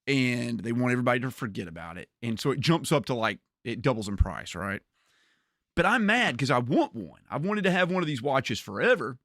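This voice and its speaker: A man chatting casually on a gaming livestream, animated, often repeating words and laughing. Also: medium pitch, fairly quick, no room sound, studio quality.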